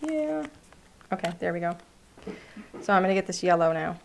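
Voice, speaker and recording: Casting: chatty, playful woman craft-class host, slightly low voice, faint background hiss. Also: very animated, moderate pace, creaky. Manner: chatty, playful, narrates each step. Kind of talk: live crafting demonstration.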